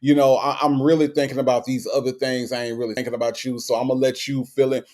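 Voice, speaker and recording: A man's voice: medium pitch, little pitch movement, quick pace, a little mellow. A man hosting a casual commentary, talking bluntly and profanely and picking apart the words of a radio call. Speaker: host reacting to a radio clip.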